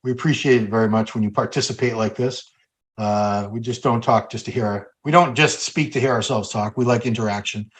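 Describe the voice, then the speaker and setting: A man's voice: mid-range voice, fairly even intonation, brisk. An American man hosting a casual podcast, chatting in an upbeat, talkative way. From United States. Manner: upbeat, chatty sign-off patter. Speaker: host.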